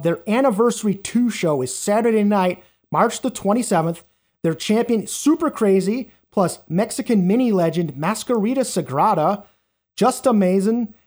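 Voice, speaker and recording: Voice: mid-range voice, a little mellow. Casual podcast host reading wrestling news.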